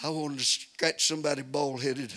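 An older man preaching a fiery revival sermon, moving from folksy storytelling to shouted exhortation. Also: on the high side, steady tone, normal speed.

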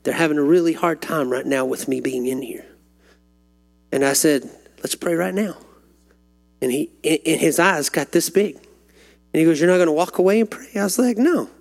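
A man's voice: moderate pace, creaky, long pauses. A man preaching a sermon, telling stories and building to fervent, climbing peaks. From Texas. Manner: rising to fervent, climbing pitch when stirred.

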